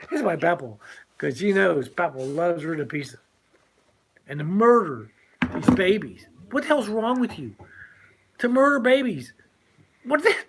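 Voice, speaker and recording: A man's voice: on the high side, fairly bright tone. Emphatic older man preaching to viewers. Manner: preachy, emphatic, laughs often. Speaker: co-host. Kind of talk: casual talk show monologue.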